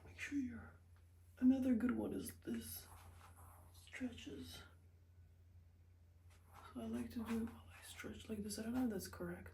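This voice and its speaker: A young woman talking candidly to the camera in a rambling vlog, often dropping into soft whispers. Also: fairly high pitch, steady tone, unhurried, gravelly, pauses often, slight background noise, low-quality recording. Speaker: vlogger. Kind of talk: casual confessional vlog.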